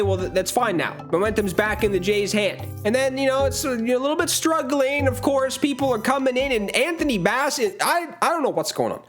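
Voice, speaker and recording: Exasperated ranting male vlogger. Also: high voice. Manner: exasperated, rambling, stammering restarts, swearing. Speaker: channel host. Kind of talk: ranting sports reaction vlog.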